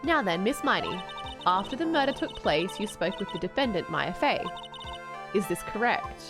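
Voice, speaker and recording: A woman's voice: mid-range voice, big pitch swings, normal speed, pitched below the performer's own voice. A woman voicing a stern, haughty older male prosecutor with clipped, condescending formal diction. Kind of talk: reading game dialogue aloud in voices. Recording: game music playing underneath.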